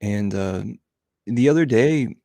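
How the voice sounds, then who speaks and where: A man's voice: on the low side, animated, slow pace, warm tone, no echo. A man hosting a casual livestream chat, welcoming guests and viewers by name and asking easygoing questions. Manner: friendly, greets viewers by name. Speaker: host.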